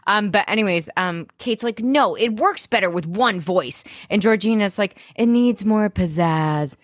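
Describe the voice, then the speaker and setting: A woman's voice: medium pitch, moderate pace, no room sound, clean studio sound. A woman co-hosting a podcast, chatting casually and playfully about a TV episode, gushing and mimicking characters. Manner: animated, gushing, playful impressions. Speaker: podcast co-host. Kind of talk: casual recap chat. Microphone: video call mic.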